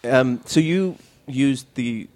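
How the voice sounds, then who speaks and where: A man's voice: mid-range voice, slow pace, a little mellow. A man hosting a casual talk show, joking with his co-hosts and reading out listener messages. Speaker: podcast host. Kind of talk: casual chat.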